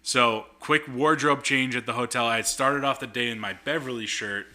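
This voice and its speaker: A man chatting casually on a podcast, telling a lively story and acting out what people said. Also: medium pitch, moderate pace. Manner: animated storyteller acting out quotes. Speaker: podcast guest. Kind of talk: casual chat.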